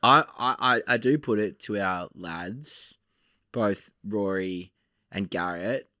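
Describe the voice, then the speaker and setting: A man co-hosts a footy podcast with a playful, teasing manner. His voice is low but bright and tense, recorded dry. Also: slow pace, dry recording. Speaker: podcast co-host. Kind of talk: casual podcast chat.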